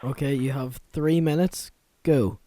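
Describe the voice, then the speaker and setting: A man's voice: mid-range voice, measured pace, warm tone, no room sound. A man co-hosting a casual call-in show, laid-back and politely amused. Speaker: co-host.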